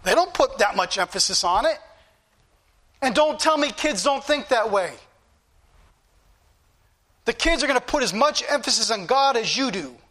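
A man's voice: very high-pitched, expressive, moderate pace, long pauses, sharp tone. A middle-aged man preaching a sermon with impassioned emphasis and shifting pace. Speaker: pastor.

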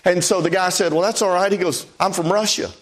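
High-voiced folksy preacher man. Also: steady tone, a little fast. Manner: folksy testimony storytelling, many "I said". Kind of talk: storytelling sermon.

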